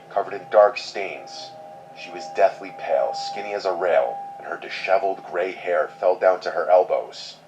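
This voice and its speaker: A man with a very low voice tells a scripted horror story in a measured, somber way. The sound is dull and lo-fi, with a faint hiss underneath. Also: a little mellow.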